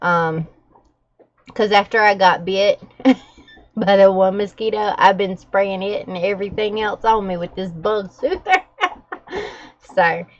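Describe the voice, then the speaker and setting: A woman's voice: mid-range voice, fairly even intonation, measured pace, long pauses, highs cut off. A middle-aged woman, chatting candidly to her viewers with frequent fillers and laughs. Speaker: vlogger. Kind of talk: casual chat to camera.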